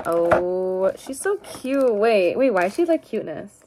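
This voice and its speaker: A young woman chatting through an unboxing, bubbly and full of cutesy baby talk, swinging from high squeals to quiet mumbles. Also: big pitch swings, measured pace, few pauses, background noise. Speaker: unboxing vlogger. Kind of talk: casual unboxing chat.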